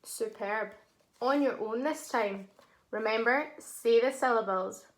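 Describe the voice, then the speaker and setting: A woman teaching a phonics lesson to young children, sounding out words syllable by syllable and praising them warmly. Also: fairly high pitch, slow pace.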